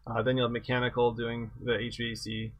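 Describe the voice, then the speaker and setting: A man's voice: mid-range voice, completely flat delivery, fast talker, fairly bright tone, no room sound. A middle-aged man lecturing an engineering exam review, conversational and self-correcting, with wry humor about past projects. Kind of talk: lecture with anecdotes.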